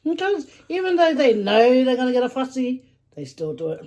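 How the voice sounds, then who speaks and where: A middle-aged woman chatting casually on her vlog, telling an animated story about her kids. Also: sits high, fairly quick. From Australia. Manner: animated storytelling, acting out phone calls. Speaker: vlogger, mother. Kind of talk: casual mukbang chat.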